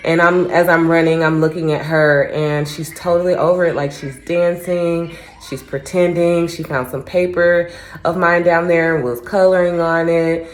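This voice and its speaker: A woman's voice: lowish voice, little pitch movement, normal speed. A woman recording a casual, candid vlog at home right after a run, chatting reflectively with plenty of fillers. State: just back from a run. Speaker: vlogger training for a first half marathon. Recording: echoey room.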